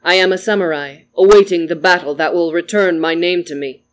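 A storyteller voicing a calm, mournful samurai man who speaks softly and formally. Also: mid-range voice, natural voice. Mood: solemn. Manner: soft, formal, measured speech.

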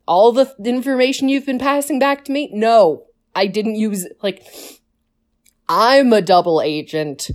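A woman's voice: fairly high pitch, unhurried, lightly acted. A woman voicing a worn-out, battered male former imperial spy, talking bluntly and over-explaining in a casual retelling. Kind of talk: casual retelling with quoted voices.

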